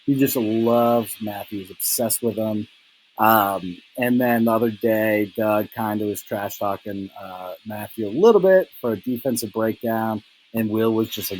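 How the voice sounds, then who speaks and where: A man's voice: fairly low pitch, measured pace, darkish tone, a little hiss or hum, rough recording. A young man hosting a casual fantasy football recap, teasing his friends in a rambling way full of "like" and "um.". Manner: teasing, lots of "like" and "um" fillers.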